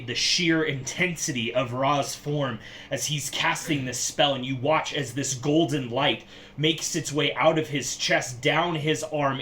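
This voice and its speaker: A man running a tabletop game as game master. He narrates scenes slowly and vividly, with a middle pitch. A faint noise sits behind his voice. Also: bright, forceful tone. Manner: slow, vivid descriptive narration.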